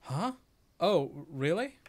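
A man's voice: on the high side, big pitch swings, slow pace, background noise. A man casually commentating a game stream, joking and reading the on-screen text aloud. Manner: joking, reads place names aloud. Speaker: let's play streamer.

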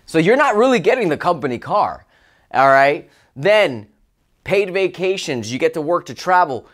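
A man who works as a life coach, telling a personal story to camera in a casual, motivational way, expressive and excitable, with loud exclamations. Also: a little high, moderate pace. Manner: expressive and excitable, with exclamations and big swings in loudness.

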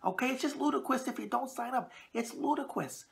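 A man putting on a squeaky, high voice to impersonate a heavyweight boxer, making playful threats. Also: a little fast, creaky. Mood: mock-threatening.

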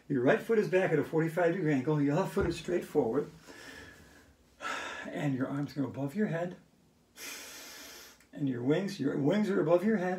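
A woman's voice: deep voice, warm tone, husky. A woman teaching a playful yoga lesson at home, chatty and silly. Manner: silly, chatty, breaks into singing. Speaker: yoga instructor. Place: home hallway.

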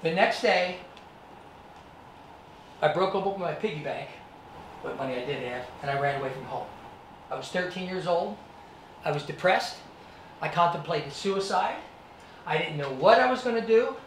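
A man's voice: sits high, animated, normal speed, pauses often, slight background noise. Man telling a dramatic story, echoey room. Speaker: actor and martial artist giving a presentation. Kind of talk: motivational storytelling to students. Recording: echoey room, distant mic.

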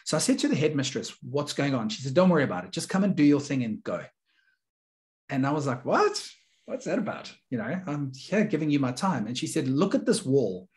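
A man's voice: mid-range voice, very animated, brisk, darkish tone. Earnest man telling a story. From South Africa. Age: middle-aged. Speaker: guest, leadership coach. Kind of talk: storytelling in an interview.

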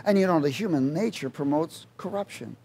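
A man preaching a sermon, quizzing the congregation and swinging between loud exhortation and quiet asides. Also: fairly high pitch, lively intonation, a little fast, breathy edge.

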